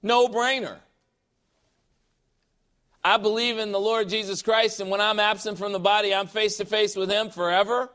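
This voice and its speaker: Emphatic high-voiced male preacher. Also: little pitch movement, fairly quick, few pauses. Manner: forceful, emphatic preaching with rhetorical questions. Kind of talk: sermon.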